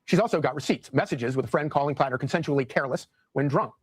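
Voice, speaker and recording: A man reporting the news in a brisk, matter-of-fact way. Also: medium pitch, husky, no echo.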